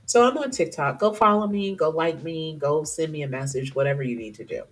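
A woman's voice: sits low, a little fast. A woman hosting her own podcast, talking candidly and emotionally about her career, chatty and prone to interrupting herself. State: teary at times. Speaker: podcast host. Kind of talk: personal podcast monologue.

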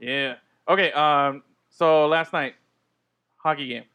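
A man co-hosting a podcast in casual chat, laid-back and quick to laugh. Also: a little high, pushed and bright, smooth. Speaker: podcast co-host.

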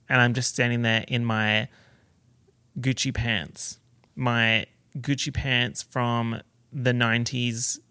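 A young man tells an excited vlog story with a bright, gravelly voice that keeps breaking into fry. He gushes, swears freely and jumps up in pitch for emphasis. The sound is close and dry. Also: no echo. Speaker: content creator.

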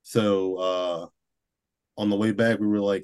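A man's voice: fairly low pitch, fairly even intonation, measured pace, pauses often, a little mellow, clean tone. A man, a band member, recounting things in an easygoing, plain-spoken way. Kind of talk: casual interview answers.

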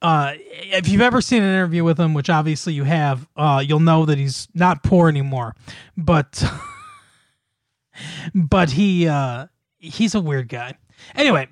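A man's voice: fairly high pitch, no echo, studio quality. A man casually recapping a movie plot, rambling and swearing, with lots of fillers and laughs. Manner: rambling, profane, laughs often, many fillers. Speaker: podcast co-host recapping a film. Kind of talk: casual chat.

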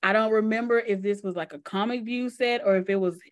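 A woman's voice: mid-range voice, brisk. A woman with a Southern US accent co-hosting a podcast, reminiscing in easygoing casual chat with frequent laughs. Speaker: podcast co-host.

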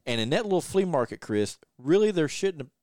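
A man hosting a podcast, an ex-wrestler telling stories in a lively, anecdotal way. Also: fairly high pitch, fairly quick, no room sound, clean studio sound. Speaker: podcast host and former wrestler. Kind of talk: casual storytelling interview.

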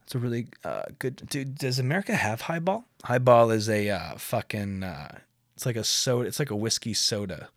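Brief: young man ranting casually on his podcast, cursing and wandering off topic, in a dry, mid-pitched voice. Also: lively intonation, moderate pace, no room sound. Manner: profane, rambling, easily sidetracked. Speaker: podcast host.

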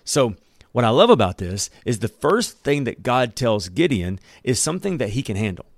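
A man's voice: medium pitch, big pitch swings, moderate pace, dry recording, studio quality. A man preaching a sermon, reading scripture aloud and commenting on it in a conversational way. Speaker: pastor.

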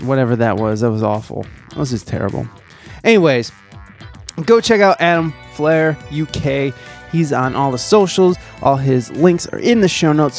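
A rambling man hosts his podcast in a slightly high voice, cursing freely and tripping over his own restarts. Faint music sits quietly underneath. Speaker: podcast host. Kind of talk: casual podcast chat.

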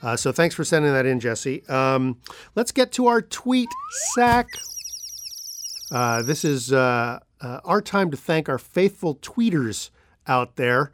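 A male podcast host reading thank-yous and listener mail in a relaxed way, with many fillers. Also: medium pitch, takes it slowly, slight background noise.

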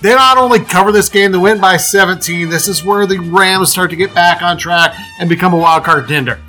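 A man co-hosting a casual football betting chat, brash and joking in quick banter. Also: sits high, sharp tone, soft background music. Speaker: podcast co-host.

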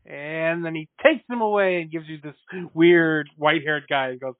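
An animated man chats on a podcast, telling stories and putting on quoted voices between laughs. His voice sits a bit high. The sound is dry and narrow, like a phone call. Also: fairly quick, few pauses, dry recording. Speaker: podcast co-host. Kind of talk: casual chat.

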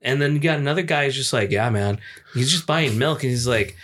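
A man's voice: medium pitch, a little fast, a bit bright, a little hiss or hum. A young man co-hosting a podcast, riffing casually, swearing freely and spinning hypothetical scenarios. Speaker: podcast co-host. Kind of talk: casual chat.

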